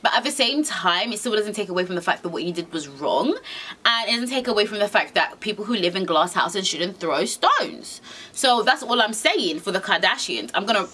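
A woman's voice: medium pitch, pushed and bright, breathy edge. A young woman ranting casually to camera, sassy and slangy. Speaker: vlogger.

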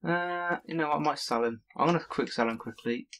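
Excitable man swearing at a game. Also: a little high, brisk, a little hiss or hum. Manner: excitable, swears often, bursts into shouts at the game. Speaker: gaming video creator. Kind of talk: live gameplay commentary.

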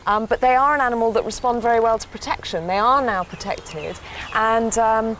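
A woman co-hosts a live nature show outdoors, calm and informative as she explains wildlife facts. Her voice is fairly high, with faint background noise behind it. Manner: informative, measured. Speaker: wildlife TV co-presenter.

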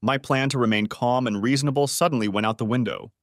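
A man's voice: mid-range voice, fast talker, dry recording, clean studio sound. A man narrating a first-person story audiobook, reading expressively. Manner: expressive, voicing quoted lines.

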